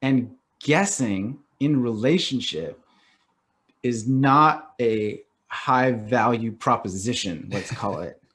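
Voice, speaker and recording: Middle-aged guy on a podcast, animated, says like a lot, acts out little quotes. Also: medium pitch, takes it slowly. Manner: animated, acts out quoted reactions, heavy use of "like". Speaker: podcast guest. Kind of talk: casual podcast conversation.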